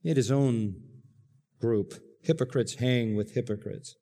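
A man's voice: medium pitch, a little slow, dark tone, long reverb tail. A man preaching a sermon, dramatic and emphatic, often acting out the characters' lines. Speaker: pastor.

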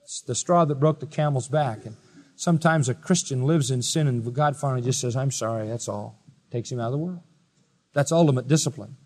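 A preacher delivering a sermon, firing rhetorical questions at listeners, swinging from loud high exclamations to quiet low asides. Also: male voice, brisk, big-room sound. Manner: emphatic, rising to loud high-pitched exclamations then dropping quiet.

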